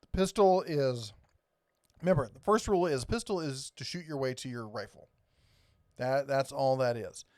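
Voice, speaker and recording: A man's voice: medium pitch, moderate pace, a little mellow, no room sound, studio quality. A man hosting a casual live stream, rambling and reading viewer comments aloud. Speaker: host.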